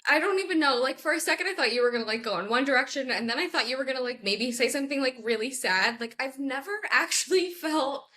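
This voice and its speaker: A woman's voice: high voice, fast, hardly any pauses, pushed and bright. A woman guest in casual podcast chat, who laughs a lot and echoes the host's words back.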